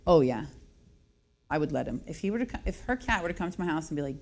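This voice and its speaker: A woman's voice: deep voice, very animated, fast, gravelly, darkish tone. A woman in her thirties hosting a radio show, telling a long story in a chatty, self-mocking way and laughing often. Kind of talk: casual radio chat, storytelling.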